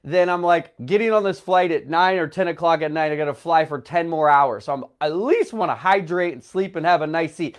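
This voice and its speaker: A man's voice: a little high, fairly quick, hardly any pauses, smooth. A young man, a travel vlogger, telling a personal story to the camera in a rambling way full of fillers, a little tearful. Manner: rambling, filler-heavy, emotional retelling. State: tearful, runny nose.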